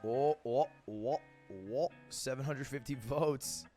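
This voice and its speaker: Young man, stream host, excitable, joking, medium voice, soft background music. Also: medium pitch, slow pace. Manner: playful, excitable, self-mocking. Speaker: livestream host. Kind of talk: joking live commentary.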